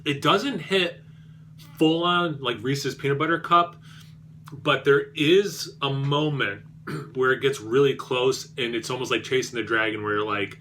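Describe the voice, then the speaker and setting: A man's voice: medium pitch, unhurried, pushed and bright, a little hiss or hum. A man reviewing beer on his vlog, rambling and self-deprecating, with many fillers and restarts.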